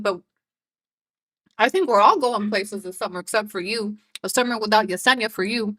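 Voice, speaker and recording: A woman's voice: mid-range voice, fairly quick, sharp tone, no echo. A woman from Mexico, a live commentary streamer, mocking another creator with profanity and frequent laughter.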